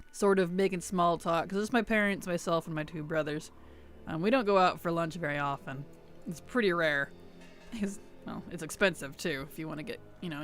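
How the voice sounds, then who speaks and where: Woman game streamer, casual live chat, relaxed and rambling, faint music behind. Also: lowish voice. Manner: chatty, reads chat aloud and answers it; laid-back, rambling with fillers.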